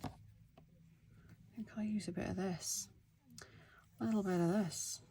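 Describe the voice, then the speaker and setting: Chatty woman with a gravelly voice. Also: medium pitch, steady tone, a little slow, mellow, slight background noise. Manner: chatty and self-deprecating, talks to viewers while working. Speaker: craft vlogger. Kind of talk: casual craft-along chat.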